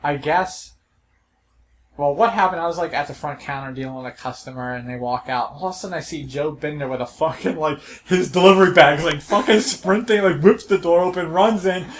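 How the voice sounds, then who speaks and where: A young man telling stories in casual chat, swearing often, laughing a lot and loudly acting out what people said. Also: on the high side, a little fast, slight background noise. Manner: profane, laughing, acts out quotes loudly. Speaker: podcast co-host.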